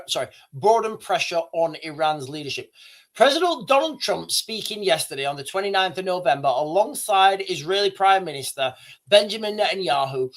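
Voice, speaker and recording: A man's voice: high voice, a bit bright. A man hosting a casual live stream, rambling and correcting himself as he talks to viewers, coughing now and then. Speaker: livestream host.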